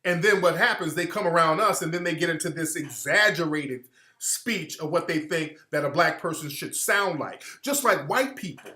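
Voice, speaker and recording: A man's voice: fairly high pitch, lively intonation, moderate pace, sharp tone, reverberant. A man from Alabama giving an emphatic, opinionated monologue as a commentator, hammering his points home with repetition. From Alabama, US South.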